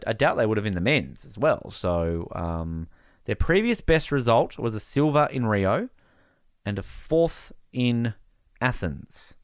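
A man chats his way through a live match for a podcast, jokey and loose. His pitch swings widely, and the voice is smooth and resonant. The recording is dry and close. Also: no echo. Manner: chatty, jokey, bursts into excited shouting at big moments. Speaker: podcast co-host. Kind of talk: casual live-watch commentary.

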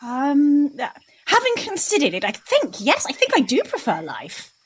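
A woman's voice: high-pitched, huge pitch swings, moderate pace. A woman playing her character in a tabletop game, hesitant and bemused with many ums. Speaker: player.

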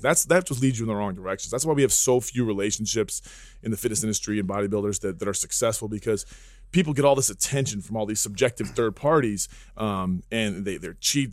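Brief: male podcast guest, fast, blunt and joking, dry close mic. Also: lowish voice, dry recording. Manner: blunt, joking, full of asides. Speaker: podcast guest, fitness entrepreneur. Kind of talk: casual podcast chat.

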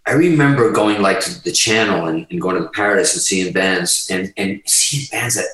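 A man guest on a podcast talks through his past in a rambling, profane, emphatic way. His voice sits a little low. He is set back from the microphone, so the room's echo carries around him. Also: normal speed, a bit bright, distant mic. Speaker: guest musician. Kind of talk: candid storytelling in a podcast interview.

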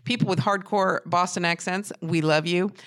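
A middle-aged woman from New Hampshire hosting a podcast, talking casually and warmly with many fillers and restarts. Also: lowish voice, steady tone, normal speed. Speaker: podcast host.

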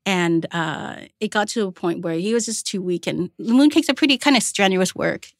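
A woman's voice: mid-range voice, moderate pace, no room sound, studio quality. A woman from Vietnam, a chef and restaurant owner, telling stories in a casual interview, acting out quotes and swearing freely. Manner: lively anecdotal, acts out quotes, casual swearing.

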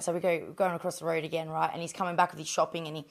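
Fast-talking, brash Australian woman. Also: low voice, vocal fry. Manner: animated, blunt, heavy swearing. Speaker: guest, professional boxer. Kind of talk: casual storytelling.

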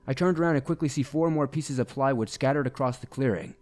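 A man narrating a first-person horror story in a steady, grave way, at a middling pitch. Faint music plays under his voice throughout. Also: fast.

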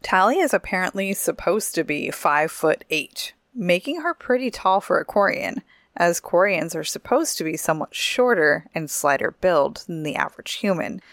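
Podcast co-host, woman, casual giggly chat, lowish pitch, dry. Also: big pitch swings, normal speed, no room sound. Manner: chatty, giggly, reads listener submissions.

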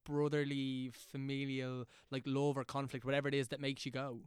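A man's voice: mid-range voice, level tone, normal speed, smooth, no room sound, clean studio sound. A man hosting a casual chat, speaking hesitantly and thoughtfully with lots of filler words.

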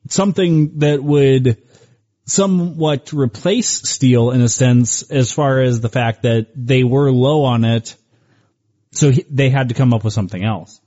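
A man co-hosts a podcast with an easygoing, joking manner. His voice is mellow and warm. The recording is muffled and lo-fi. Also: medium pitch, measured pace. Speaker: podcast co-host. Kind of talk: casual chat.

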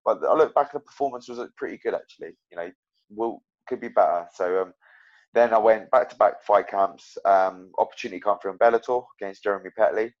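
A man's voice: on the low side, a little fast, muffled recording. A man talking as an MMA fighter guest, rambling and frank about his own fights. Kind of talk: casual interview chat.

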